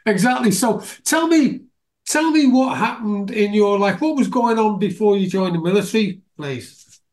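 Man, from Scotland, interview host, chatty, enthusiastic, high pitch. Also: animated, normal speed, a little mellow. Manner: chatty, enthusiastic, laughs often. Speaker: podcast host. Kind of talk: casual interview hosting.

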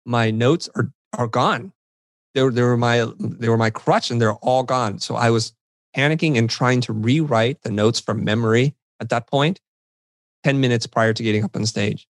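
Recorded close and dry with no room ambience, this middle-aged interview guest talks at normal speed in a steady mid-range voice. His conversational storytelling is lively and self-deprecating, full of reenacted dialogue from his podcast appearances.

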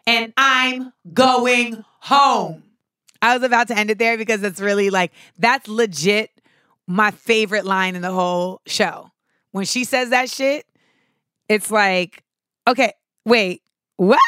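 A woman chatting casually and animatedly, swearing freely and acting out quotes with sudden shouts. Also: mid-range voice, fairly even intonation, unhurried, smooth, dry recording, studio quality. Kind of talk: casual chat about a TV show.

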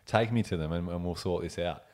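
A man in his thirties with an Australian accent, telling a story in a relaxed, slangy way and laughing often as a podcast guest. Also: low-pitched, fairly quick. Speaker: guest, former pro surfer. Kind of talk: casual storytelling.

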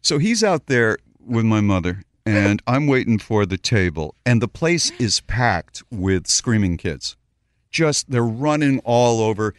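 Animated man telling a story. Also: fairly low pitch, a little slow, no room sound. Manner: animated storyteller, acts out quotes. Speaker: radio show host. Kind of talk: storytelling on a talk show.

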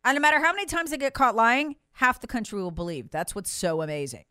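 A woman's voice: a little high, lively intonation, fast talker, bright, forceful tone, clear, resonant tone, no echo, clean studio sound. A woman giving emphatic, indignant political commentary on a talk show, mocking the officials she quotes.

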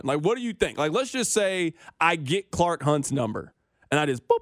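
A man's voice: a little high, sing-song, moderate pace, no room sound. A young man hosting a sports talk radio show, bantering and complaining in a playful, self-mocking way into a studio microphone.

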